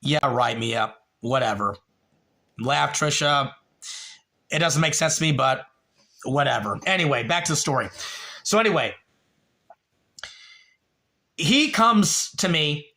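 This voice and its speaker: Rambling, profane young man with a gravelly voice. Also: fairly high pitch, lively intonation, a little slow, pauses often, pushed and bright. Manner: profane, rambling, with many fillers. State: a little tipsy. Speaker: livestream host. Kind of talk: casual livestream storytelling.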